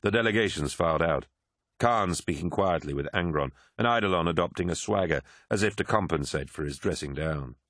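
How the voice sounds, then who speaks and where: Deep-voiced man narrating an audiobook. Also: fairly bright tone, dry recording, clean studio sound. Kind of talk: scripted narration.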